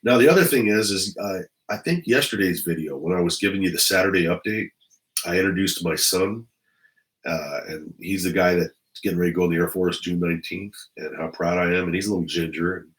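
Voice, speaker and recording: Middle-aged ex-cop, very low voice, blunt and profane, rambling casual delivery. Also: male voice, brisk, fairly bright tone, rough recording. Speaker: retired police officer vlogger.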